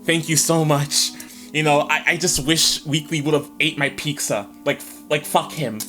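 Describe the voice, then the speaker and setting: A man voicing an indignant female streamer who holds a grudge, speaking in a lowered, quiet voice. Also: steady tone, moderate pace, soft background music. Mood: resentful.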